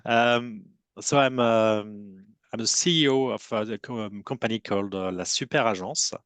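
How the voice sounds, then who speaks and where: A man's voice: fairly low pitch, moderate pace, fairly bright tone, dry recording. A man from France with a strong French accent, introducing himself on a webinar panel hesitantly, with many fillers and self-deprecating remarks. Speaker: panelist, agency CEO.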